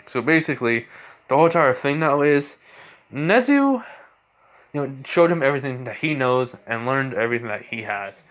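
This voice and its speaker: A man's voice: medium pitch, expressive, normal speed, fairly bright tone. A man improvising a fan story aloud, rambling and full of fillers and restarts.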